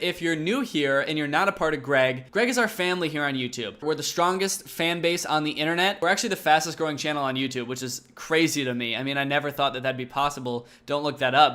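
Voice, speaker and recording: A young man in his twenties doing sarcastic comedy commentary on his channel, with deadpan mock enthusiasm. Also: fairly high pitch. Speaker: comedy YouTuber.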